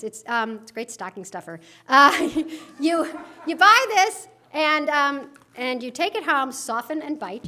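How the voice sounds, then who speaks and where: Animated, sarcastic middle-aged woman speaker. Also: sits high. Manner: animated, sarcastic, laughs at own jokes. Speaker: conference speaker. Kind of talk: conference talk. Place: conference hall.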